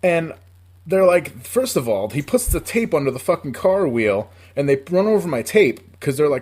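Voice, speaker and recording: A man's voice: on the high side, big pitch swings, normal speed, darkish tone. A man in his thirties from upstate New York, co-hosting a podcast and telling a long story in a casual, profane, rambling way, laughing often. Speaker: podcast co-host.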